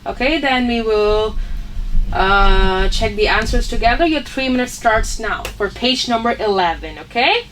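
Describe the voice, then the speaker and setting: A woman's voice: fairly high pitch, lively intonation, unhurried, a bit bright, distant mic, slight background noise, rough recording. A woman teaching an English phonics lesson, patiently repeating each point and checking with "okay?". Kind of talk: online grammar lesson.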